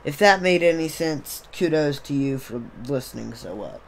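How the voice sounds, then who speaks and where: With a slightly high, creaky voice and lively intonation, a young man hosts a podcast at a moderate pace. His casual monologue rambles, keeps trailing off, and restarts as he cuts himself off.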